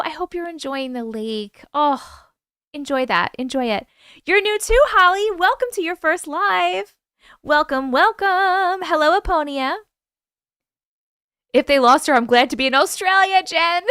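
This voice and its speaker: A woman's voice: sits high, animated, takes it slowly, pauses often, sharp tone, dry recording, clean studio sound. A woman hosting a casual livestream, chatting loosely, swearing freely and greeting and thanking viewers by name. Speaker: livestream host.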